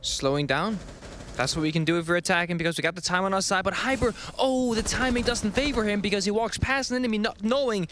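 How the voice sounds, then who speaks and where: High-voiced quick male esports analyst. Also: fairly bright tone, a little hiss or hum. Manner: quick, analytical, laughs easily. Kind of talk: color commentary.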